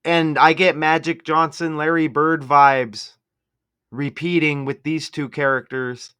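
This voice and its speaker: A man's voice: on the high side, measured pace, sharp tone, clean tone. Sarcastic man breaking down game footage. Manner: sarcastic, conspiratorial number-cipher talk. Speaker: sports commentary video host. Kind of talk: casual commentary over game footage.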